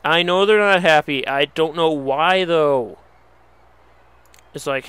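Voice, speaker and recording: A man's voice: fairly high pitch, measured pace, a bit bright, smooth, dry recording. A young man commentating on his game, exasperated and pleading, swearing at the animals as he plays. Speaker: let's play host. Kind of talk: casual gameplay commentary.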